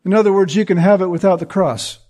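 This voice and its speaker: A man's voice: sits high, steady tone, quick pace, warm tone. A man preaching a sermon, earnest and emphatic, building points through repetition. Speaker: pastor.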